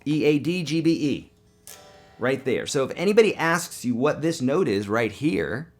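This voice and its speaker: A man teaching guitar on a live webcast, upbeat and quick, singing note names now and then, with his morning voice. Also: medium pitch, expressive.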